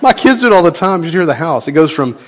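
A man, a pastor giving a folksy, emphatic sermon in church and swinging between loud and soft. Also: a little high, very animated, fast talker. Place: church sanctuary.

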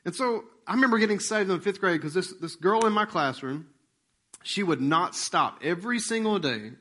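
Guy pastor preaching, chatty story mode, kinda high voice, goes quiet and soft for the serious bits. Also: normal speed. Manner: animated and conversational, acts out remembered dialogue; drops to a hushed voice for tender moments. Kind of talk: storytelling sermon.

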